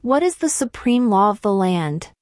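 A woman slowly reading civics test questions and answers in a measured, deliberate way. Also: medium pitch, big pitch swings, darkish tone, no room sound, clean studio sound. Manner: measured, deliberate delivery with long pauses.

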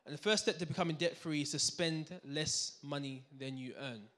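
A man giving a live finance seminar to a room audience, energetic and full of banter, quizzing the crowd. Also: on the high side, moderate pace. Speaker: seminar speaker.

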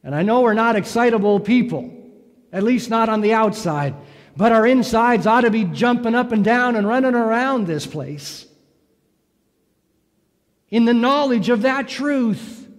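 Preaching in a church sanctuary with long hall reverb, a pastor with a high voice speaks slowly and expressively. His sermon poses questions to the congregation.

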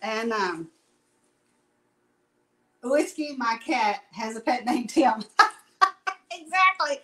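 A woman's voice: fairly high pitch, expressive, slow pace, sharp tone, rough recording. Chatty woman teaching painting. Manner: chatty, rambling, folksy asides. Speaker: painting instructor. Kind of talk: casual live painting tutorial.

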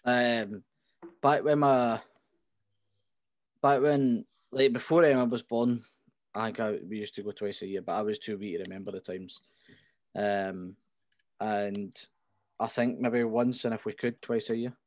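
A man's voice: on the low side, steady tone, measured pace, pauses often, no room sound. A young man with a Scottish accent, a podcast guest telling a story with hesitant starts. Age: 20s. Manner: hesitant, many fillers and restarts. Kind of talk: casual storytelling.

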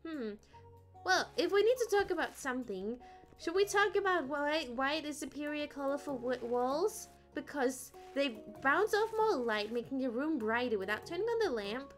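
A woman streamer chats playfully and rambles while she plays, often singing little ditties to herself. Her high voice has lively intonation, a moderate pace, and a fairly bright tone, with soft music in the background during this casual gameplay chat.

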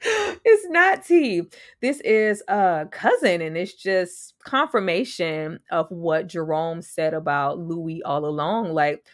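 Young woman, lowish voice, talky TV-recap energy with laughs and slangy asides, dry close-mic sound. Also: expressive, takes it slowly, no room sound. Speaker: TV episode reviewer. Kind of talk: casual recap and reaction.

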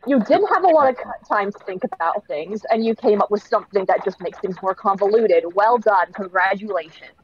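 A woman's voice: medium pitch, lively intonation, fairly quick, hardly any pauses, dull audio, a little hiss or hum. A woman playing a tabletop game, talking in a dry, sarcastic way from a small glass-roofed conservatory. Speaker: player. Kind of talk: casual game chat.

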